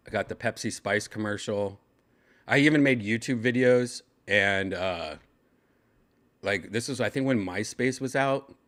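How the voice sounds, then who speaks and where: A man's voice: lowish voice, unhurried, a bit bright. A man hosting a show, telling a rambling, laid-back story full of restarts. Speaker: podcast host. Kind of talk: casual storytelling.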